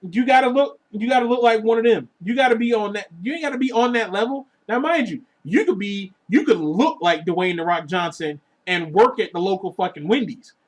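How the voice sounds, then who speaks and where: A man ranting casually to his viewers about dating, crude and profane, joking as he goes, swinging between loud lines and muttered asides. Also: sits high, a little fast, few pauses. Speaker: vlogger. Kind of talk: casual rant to camera.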